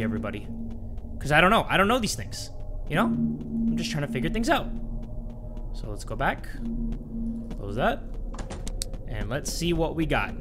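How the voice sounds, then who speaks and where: A nervous, chatty young man narrates his horror game play, sliding from mutters to yelps across a lively range. His voice sits high for a man. Game music plays behind him. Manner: jittery, self-mocking, chatty. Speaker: gaming youtuber.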